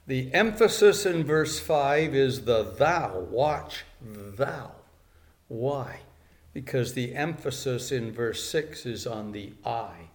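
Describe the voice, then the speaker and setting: An older man preaching a sermon in an earnest way, repeating key phrases for emphasis. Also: medium pitch.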